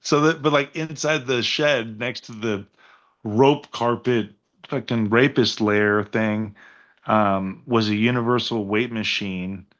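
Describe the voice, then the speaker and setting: A man on a podcast as a guest wrestler, telling rambling, profane stories in a casual, animated way. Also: medium pitch, slow pace, dull audio. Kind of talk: casual storytelling chat.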